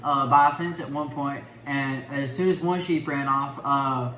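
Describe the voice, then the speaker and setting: Teen boy, bright forceful voice, hesitant with fillers, in an echoey room with faint ambience. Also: medium pitch, fairly even intonation, a little slow. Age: teenager. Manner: hesitant, many ums and likes. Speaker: son sharing his takeaway. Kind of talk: casual family discussion.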